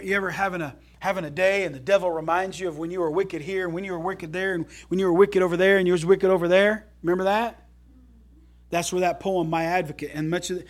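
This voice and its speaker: A man preaching from the pulpit in a folksy, animated way, with a somewhat high voice. He jumps from loud, emphatic lines to quiet, low asides and slips in jokes along the way. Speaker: pastor. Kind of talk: sermon.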